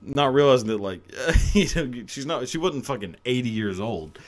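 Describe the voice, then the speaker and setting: A man's voice: medium pitch, expressive, normal speed. A man telling a confessional story on his podcast in a casual, rambling way, swearing freely and laughing often. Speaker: podcast host.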